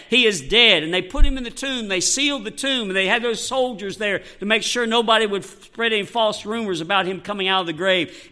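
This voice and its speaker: A man's voice: high voice, bright, forceful tone. A man preaching a sermon, emphatic and repetitive, quoting scripture verse by verse. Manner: emphatic, quotes scripture, repeats phrases.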